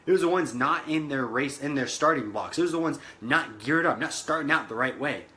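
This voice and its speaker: Bright-voiced animated network marketing coach, a man. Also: medium pitch, a little fast. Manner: animated storyteller, acts out quoted voices. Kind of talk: motivational vlog talk.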